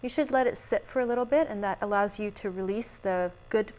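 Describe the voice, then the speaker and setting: Calm woman doctor explaining health tips. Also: medium pitch, a little fast. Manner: calm, explanatory, laughs easily. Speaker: physician guest. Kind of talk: casual TV health chat. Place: TV studio.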